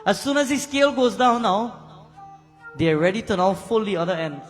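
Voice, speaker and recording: A man's voice: sits high, brisk. A man, a pundit, animatedly telling a devotional story at a religious gathering. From Trinidad. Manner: animated storyteller, acts out voices. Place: temple hall at a religious gathering. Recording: reverberant hall with keyboard music.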